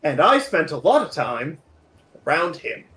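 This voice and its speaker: A man from New England with a general American accent, chatting casually as a streamer, rambling and correcting himself often, quick to laugh. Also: fairly high pitch, big pitch swings, a bit bright. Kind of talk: casual chat while gaming. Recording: roomy echo with game music.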